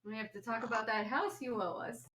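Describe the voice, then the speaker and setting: A woman's voice: a little high, brisk, recorded from a distance, background noise. A woman playing a tabletop game, chatting casually and playfully. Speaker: player.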